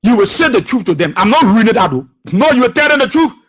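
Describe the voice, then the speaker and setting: Give me a man hosting a radio talk show. His voice sits very high and comes out husky and breathy. He delivers fiery political commentary and hammers his points home by repeating phrases. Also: big pitch swings, fast talker, fairly bright tone. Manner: preachy, impassioned, repeats phrases for emphasis.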